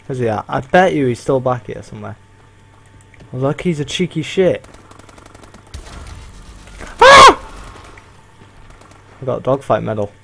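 A man's voice: mid-range voice, animated, brisk, creaky, noisy background. A young man ranting and swearing through live commentary as he plays an online shooter. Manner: frustrated, ranting and swearing at lag. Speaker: gaming channel host.

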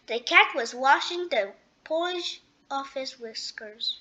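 A woman reading a children's storybook aloud, gentle and expressive. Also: high-pitched, slow pace. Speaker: storybook reader. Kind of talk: children's read-aloud narration.

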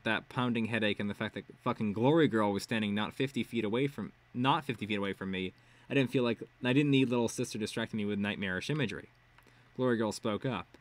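Low-voiced man reading a web serial aloud. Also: quick pace. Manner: reads steadily with casual ad-lib asides and swearing. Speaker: reader.

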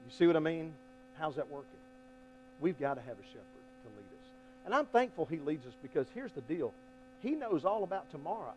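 A man preaching a sermon as pastor, folksy and emphatic, swinging between loud appeals and hushed lines. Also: fairly high pitch, animated, fairly quick, rough recording. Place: church sanctuary. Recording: faint mains hum.

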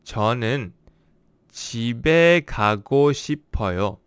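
A man with a smooth, clear voice of middle pitch teaches in a relaxed, casual way. He breaks phrases apart word by word and slows down to spell out examples. The sound is dry and close, with no room echo. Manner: explains word by word, slowing down for examples. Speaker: language teacher. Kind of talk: casual language lesson.

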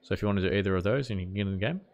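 A New Zealand man with a Kiwi accent talks rapid-fire in a lowish voice, captured with lo-fi sound. He's a gaming streamer chatting casually over live gameplay, reacting to it and answering viewer messages.

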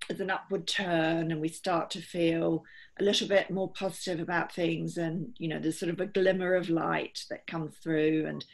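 A woman's voice: on the low side, level tone, normal speed, creaky. A middle-aged woman, a holistic therapist, explaining earnestly and steadily in an interview, often voicing what her clients think.

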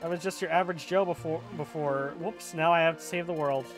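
A man's voice: fairly high pitch, fairly even intonation, a little fast, voice pushed up, lightly acted. A man voicing a frightened young man turned into a Pokemon, anxious and pleading, with game music behind. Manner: anxious, pleading, self-doubting.

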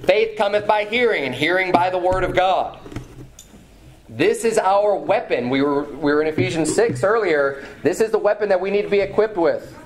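A pastor preaching a sermon in church, reading scripture aloud with some restarts and fillers. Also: male voice, high-pitched, animated, normal speed, a little hiss or hum. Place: church sanctuary.

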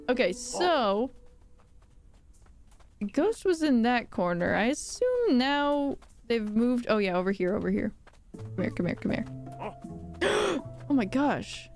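A woman's voice: fairly high pitch, big pitch swings, slow pace, pauses often, darkish tone, faint music behind. A woman streamer giving casual, giggly, exclaiming commentary while playing a game.

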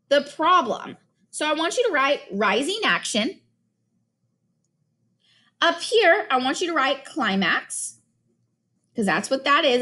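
Woman teacher, expressive read-aloud and chatty class talk, lively pitch, a bit high. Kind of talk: reading a novel aloud to students.

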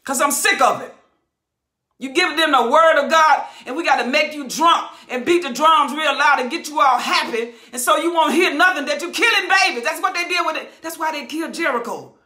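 A woman preaching on a Bible passage with a high, bright voice that rings in a roomy, echoey space. She hollers and drives her points home by repeating phrases. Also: a little fast. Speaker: Bible teacher. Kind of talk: impassioned verse-by-verse preaching. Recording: roomy echo.

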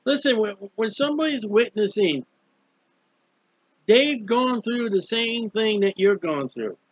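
A man's voice: sits high, lively intonation, measured pace, no echo, muffled recording. A man preaching about a hymn in an earnest, pleading way, repeating phrases as he urges listeners toward faith. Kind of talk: sermon-style hymn commentary.

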